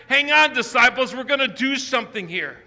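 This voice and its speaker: A man's voice: extremely high pitch, expressive, a little fast, pushed and bright, long reverb tail. A pastor preaching a sermon to his congregation, emphatic and repetitive, often restarting his sentences. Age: older. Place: church sanctuary.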